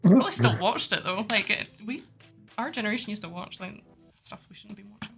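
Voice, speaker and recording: A woman's voice: mid-range voice, fairly quick, creaky, soft background music. A Scottish woman hosting a casual livestream chat, rambling along with lots of fillers. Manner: chatty, rambling with many fillers, laughs often. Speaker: host.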